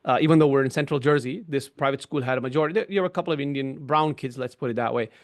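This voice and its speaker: Speaking rapid-fire at medium pitch, this middle-aged webinar guest explains things in a conversational discussion on a video call. He keeps tagging on "right?" and "you know".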